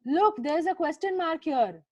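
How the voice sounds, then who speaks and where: A woman with a high voice and an Indian English accent teaches English grammar to children over a video call. She presses them along briskly and repeats her prompts again and again. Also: animated, dark tone, dull audio.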